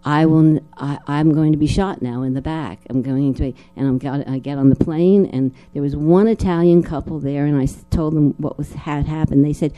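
Older woman from New Jersey, guest actress at a Q&A; deep mellow tone, rambling storyteller full of restarts. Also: steady tone, moderate pace, hardly any pauses, muffled recording. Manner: rambling, frequent restarts and repeated words. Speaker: guest actress at a film screening talk. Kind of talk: personal storytelling in a live Q&A.

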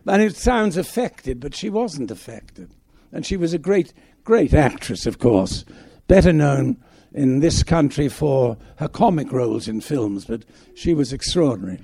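An older man from England recounts his memories with a dark, gravelly voice. He talks in a halting, reminiscing way, restarting phrases often. The sound is close and dry. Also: on the high side, very animated, no echo. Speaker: guest actor. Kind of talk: anecdotal stage conversation.

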